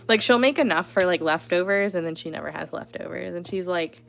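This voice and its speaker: A woman's voice: lowish voice, vocal fry. A woman hosting an art livestream from home, chatting casually with lots of "like" and "you know".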